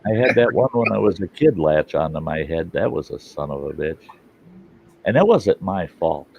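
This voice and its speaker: Low-voiced man telling folksy stories. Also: sing-song, moderate pace, gravelly. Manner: rambling, laughs a lot, folksy and profane. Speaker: host. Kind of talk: casual storytelling chat. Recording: dull lo-fi sound with faint hiss.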